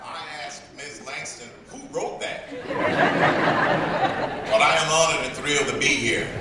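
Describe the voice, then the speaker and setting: A man giving a commencement address in a large hall, deliberate and emphatic with dramatic pauses and playful phrases. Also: fairly high pitch, very noisy. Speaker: commencement speaker. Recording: echoey hall from far off.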